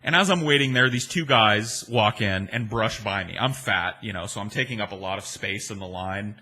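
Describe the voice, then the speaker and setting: A man's voice: on the low side, normal speed, sharp tone, breathy edge. A man in his forties, a podcast host, telling stories and answering listener questions in a rambling, profane, self-deprecating way. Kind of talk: casual storytelling chat.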